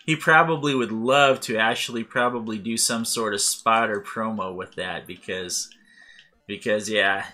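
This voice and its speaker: A man hosting a let's play, chatting casually over gameplay and laughing often as he tells stories with lively acted-out voices. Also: fairly low pitch, unhurried. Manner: animated, acting out voices in his anecdotes.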